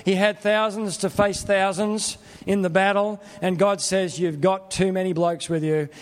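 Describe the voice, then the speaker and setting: Higher-voiced preacher in a hall. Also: male voice. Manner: conversational, earnest, plain-spoken. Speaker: pastor. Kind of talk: sermon.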